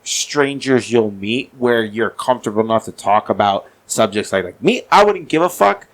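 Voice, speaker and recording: A man's voice: mid-range voice, lively intonation, moderate pace. A man in casual podcast chat who talks emphatically, agrees strongly and swears now and then.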